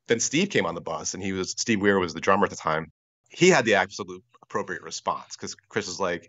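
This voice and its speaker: Guy rattling off a story quick, low voice, excitable and swearing, dry dull skype sound. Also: no echo. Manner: animated, excitable, swears freely, acts out quotes. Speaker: podcast guest. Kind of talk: casual storytelling over a video call. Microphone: video call.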